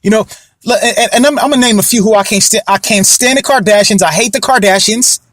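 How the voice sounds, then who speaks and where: A man's voice: high voice, quick pace, fairly bright tone, dry recording, clean studio sound. A young man hosting a casual commentary podcast, rambling and repeating himself, often asking if you know what he means. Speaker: podcast host.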